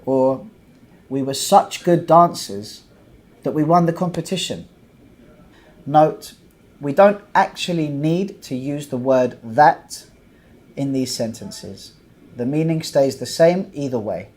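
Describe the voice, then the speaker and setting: A male English teacher walks through a grammar point in a scripted lesson. His voice sits at an ordinary middle pitch, and he speaks very slowly and deliberately. He pauses to set out example after example with patient care. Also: expressive, a little mellow. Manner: slow, deliberate, patient explaining with many examples.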